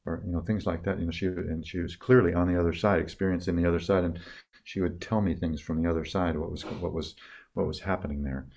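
An older man telling personal stories in a reflective talk, halting with many restarts and trailing off softly at tender moments. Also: deep voice, fairly even intonation, vocal fry. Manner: soft-spoken, dropping quieter on tender moments.

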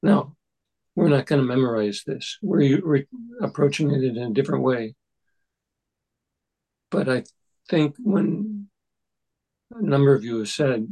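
An older man leading a text study group, speaking in a halting, thoughtful way with many restarts. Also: medium pitch, mellow, breathy edge, low-quality recording. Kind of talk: discussion of a Buddhist text.

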